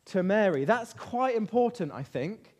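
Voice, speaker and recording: A man leading an interactive Bible lesson for children, lively and constantly asking them questions. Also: high-pitched, a little slow. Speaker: children's talk leader. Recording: reverberant hall.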